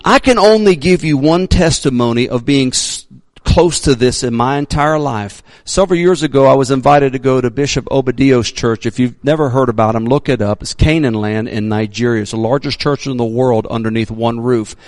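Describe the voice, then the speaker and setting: A male pastor preaching a sermon, emphatic, sometimes shouting his readings, joking about himself. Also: medium pitch, moderate pace, no echo.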